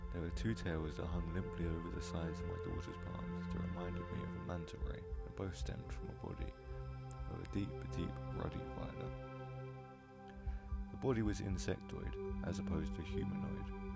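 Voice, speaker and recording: A man with a very deep, gravelly voice narrates a story gently and steadily. Loud music plays underneath his reading throughout.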